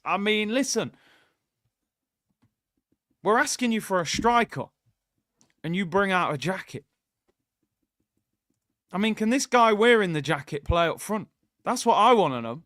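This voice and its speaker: Young guy, watchalong host, high voice, dry close mic, sarcastic and exasperated, sudden excited shouts. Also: no room sound. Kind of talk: casual live-stream rant.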